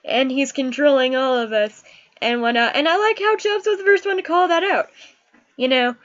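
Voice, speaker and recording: A young woman talks through a book review in a casual, gushing way. Her voice sits high, and she gets openly emotional about the characters. The recording is dull and lo-fi. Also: moderate pace, a bit bright.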